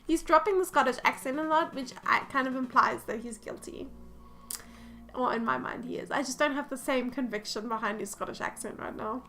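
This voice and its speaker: Excitable woman doing let's-play commentary, high bright voice. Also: brisk. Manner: excitable, swearing, reading dialogue aloud. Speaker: gamer.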